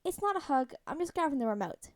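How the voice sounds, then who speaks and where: A woman's voice: sits high, sing-song, quick pace, darkish tone. A woman voicing a shy, stammering teenage boy. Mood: sheepish. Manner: stammering, hesitant, apologetic.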